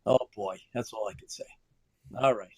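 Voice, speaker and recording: A man's voice: fairly low pitch, normal speed, breathy edge, dry recording, rough recording. A man hosting a live sci-fi news broadcast, upbeat, greeting viewers by name and laughing often. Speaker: host.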